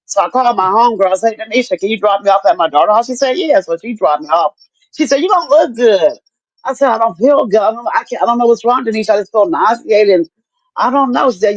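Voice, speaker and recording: An older woman, a grandmother and stroke survivor, shares her story candidly in a casual chat, often repeating herself and cursing freely. Her voice is medium-pitched, with no echo and dull audio.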